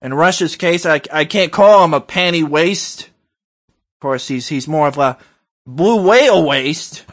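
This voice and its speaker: Man, talk-radio host, slow bluster, bright higher voice, mock rant. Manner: blustery, building to shouted outbursts.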